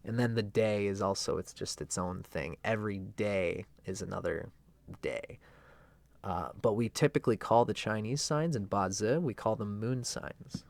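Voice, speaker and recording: A man's voice: lowish voice, moderate pace, gravelly, a little mellow. A man teaching astrology in a loose, conversational way, with a playful and irreverent edge. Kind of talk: casual explanatory talk.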